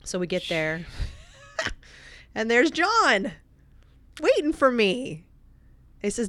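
A woman recounts an emotional story from her life on a podcast, moving from lively outbursts to quiet, thoughtful stretches. She speaks slowly in a medium pitch, and the recording is dry.

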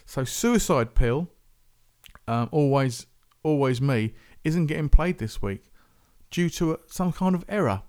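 A man's voice: a little high, animated, a little slow, a little mellow, smooth. A man hosting a music podcast, chatting casually and rambling. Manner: rambling, chatty, self-interrupting. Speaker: podcast host.

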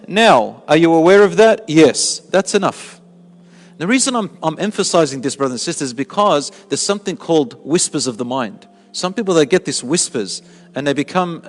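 Man preaching in a reverberant hall. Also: on the high side. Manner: explains with rhetorical questions and answers. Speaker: Islamic preacher. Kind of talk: sermon.

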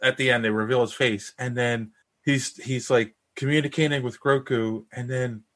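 A man's voice: medium pitch, steady tone, moderate pace, fairly bright tone. A man co-hosting a podcast in casual chat, gushing with eager enthusiasm. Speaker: podcast co-host.

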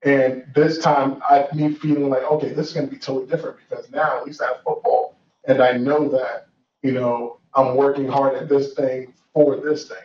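A man's voice: mid-range voice, flat delivery, moderate pace, a little mellow. A young man tells his own story in an earnest, reflective voice, restarting his sentences and leaning on fillers. He sounds set back from the mic, with room echo around him. The audio is dull and carries a faint hiss. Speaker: guest telling his story. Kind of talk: personal storytelling. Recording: roomy, distant, dull sound with faint noise.

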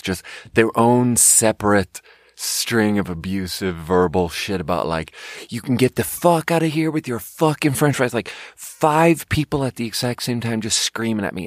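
A worn-out man in his thirties rambles through a long story in a low voice, swearing freely and mocking himself. The sound is dry and close, with no room around it. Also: no room sound. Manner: rambling, profane, self-mocking storytelling with bursts of mimicry. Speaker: podcast host. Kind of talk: casual comedic monologue.

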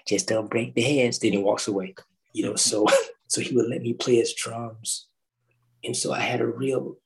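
A middle-aged man, a former orchestral timpanist, telling an animated story in a roundtable talk, acting out quotes and singing drum parts. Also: fairly low pitch, poor audio. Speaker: orchestral timpanist recalling his start.

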